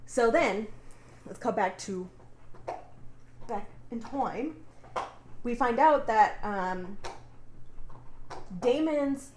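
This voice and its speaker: A woman's voice: fairly high pitch, animated, very slow, long pauses, roomy sound, a little hiss or hum. A woman co-hosting a podcast, casually retelling a story in a rambling way, with lots of fillers and swearing. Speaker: podcast co-host. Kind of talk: casual chat retelling a book plot.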